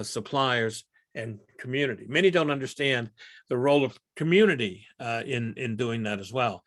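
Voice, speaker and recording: A man giving an explanatory workshop lecture, thoughtful, with frequent fillers and restarts, his voice dropping quietly at the ends of phrases. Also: mid-range voice, no room sound, clean studio sound. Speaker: workshop presenter.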